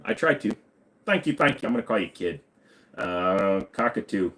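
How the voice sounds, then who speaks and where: A man's voice: fairly low pitch, lively intonation, normal speed, fairly bright tone. A man hosting a casual livestream, reading viewer questions aloud and answering offhand with lots of ums and uhs.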